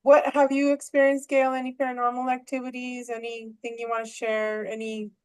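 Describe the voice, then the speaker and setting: A woman's voice: a little high, flat delivery, fairly quick, darkish tone, smooth. A woman hosting a casual video call, asking friendly questions and chatting about her own experiences. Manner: friendly, asks questions, gives chatty asides. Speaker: host.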